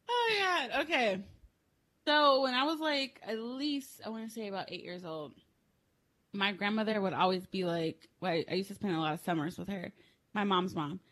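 A young woman co-hosting a podcast, telling a crude story with loud laughter and lively, animated storytelling. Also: medium pitch, moderate pace. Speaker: podcast co-host. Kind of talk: casual chat.

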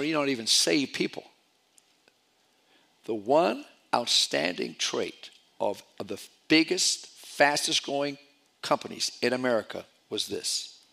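A man's voice: on the high side, creaky. A man preaching a sermon, telling stories animatedly and often repeating his words. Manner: animated storytelling with repetitions.

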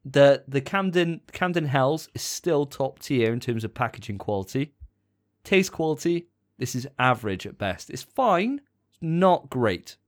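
A man trading easy banter on a podcast, his pitch rising and falling freely as he talks. He jokes at his own expense in a dry, relaxed way, and his voice sits at an ordinary middle height. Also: a little slow. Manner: dry, self-mocking banter. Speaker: podcast co-host. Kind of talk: casual chat.

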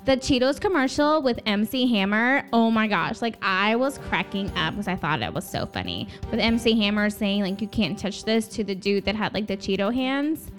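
A woman's voice: medium pitch, animated, moderate pace, few pauses, faint music behind. A young woman co-hosting a podcast, chatting casually and giggling, with lots of filler words. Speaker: podcast co-host. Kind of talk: casual chat.

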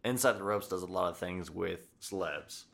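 Low-voiced man, excited podcast host. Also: normal speed, vocal fry. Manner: excited, profane, acts out quotes. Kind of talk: casual chat.

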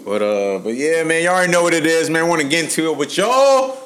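Hype podcast host guy, slangy and cussing, bit high voice, noisy background. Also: lively intonation, fast talker, a bit bright. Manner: hyped, slangy, profane. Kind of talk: casual podcast shout-outs.

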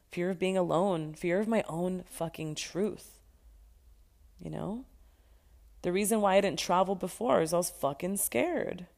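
A young woman with a slightly low voice tells her own story as a podcast host. She talks candidly and emphatically and swears freely, and she keeps coming back to the same point to drive it home. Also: a little mellow. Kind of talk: personal storytelling monologue.

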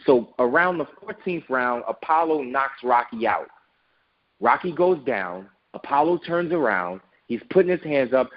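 A man with a husky, slightly raised voice tells a motivational story in an interview. His pitch swings widely as he makes his point. The sound is dull and lo-fi. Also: animated, measured pace. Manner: storytelling, emphatic and preachy. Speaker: guest, business owner.

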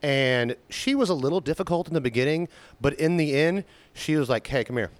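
Waiter co-host, man, rapid delivery, dry close-miked sound, casual anecdotes. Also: on the high side, animated, dry recording. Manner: quick anecdotal storytelling. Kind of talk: casual podcast chat.

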